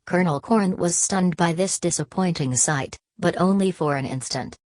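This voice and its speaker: A woman narrating an audiobook in a steady, measured reading. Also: on the low side, no echo.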